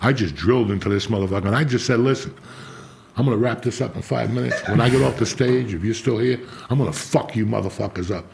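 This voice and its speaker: A man's voice: fairly low pitch, fast, creaky, darkish tone, a little hiss or hum. A middle-aged man telling a blunt, profanity-heavy personal story in casual chat as a podcast host.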